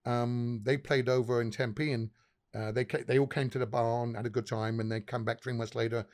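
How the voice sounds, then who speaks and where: A man's voice: medium pitch, level tone, a little fast, a little mellow. A man, a pub owner, telling rambling, profane anecdotes as a podcast guest. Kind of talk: casual podcast storytelling.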